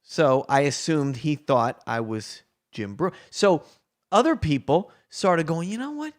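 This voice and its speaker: A man telling a story in casual chat, animated, acting out the people he quotes. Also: on the high side, slow pace.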